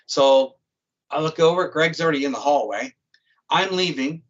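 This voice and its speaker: A man with a voice pitched a little high tells a story in a casual, blunt way. He swears freely and describes things vividly. The sound is dull and lo-fi, like a streamed show. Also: moderate pace. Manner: blunt and profane, vivid retelling. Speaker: guest, psychic criminal profiler.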